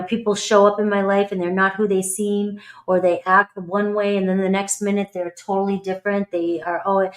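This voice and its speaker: A middle-aged woman giving a casual, blunt tarot reading, chatty and swearing freely. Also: mid-range voice. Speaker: tarot reader.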